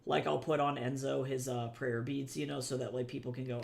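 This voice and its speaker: A man's voice: medium pitch, level tone, a little fast, vocal fry. A young man who draws comics on a livestream, chatting casually, thinking aloud as he works and answering his chat. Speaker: comic artist streamer.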